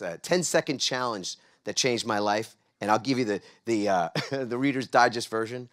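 A man's voice: mid-range voice, animated, normal speed, hardly any pauses, a bit bright. A middle-aged man from New York gives a motivational talk to a live audience, coaxing them to answer back. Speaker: speaker.

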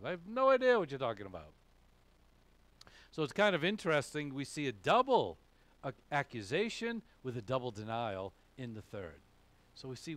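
A man's voice: medium pitch, a bit bright. A man with a Boston accent preaching a sermon in a conversational way, often checking in with "okay?". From New England, USA. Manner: conversational, frequent "okay?" asides. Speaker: pastor.

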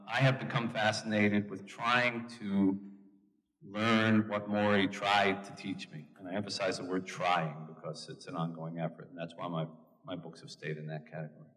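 A middle-aged man, an author, telling anecdotes with jokes and voices in an audience Q&A at a large event hall. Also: on the low side. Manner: animated storyteller, jokes and mimics others. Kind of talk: storytelling answers in an audience Q&A. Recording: long hall reverb.

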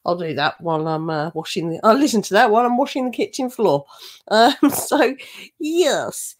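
Woman doing reaction commentary, blunt and scornful, chatty, mid pitch. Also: expressive, moderate pace. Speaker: commentary channel host.

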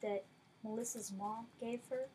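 A woman unboxing gifts in a casual vlog, gushing over each one and dropping to a softer tone when she explains. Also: a little high, steady tone, unhurried, a little hiss or hum, rough recording. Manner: gushing, effusive. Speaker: vlogger.

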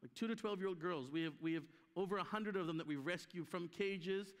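A man's voice: high-pitched, brisk. A man from Canada telling stories in a sermon at a church conference, acting out the voices of people he quotes. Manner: animated, acts out quoted voices. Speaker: conference speaker. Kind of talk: storytelling sermon. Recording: echoey hall reverb.

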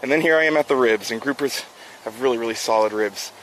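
He's a man from South Florida hosting a fishing stream outdoors, speaking at a quick pace in a medium, slightly bright voice over a little hiss or hum. Upbeat and talkative, he addresses viewers casually as he works and explains things along the way.

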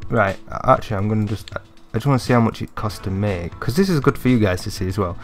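A young man giving chatty let's-play commentary, thinking aloud and getting excitable. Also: on the low side, fast talker, faint music behind. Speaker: gaming commentator.

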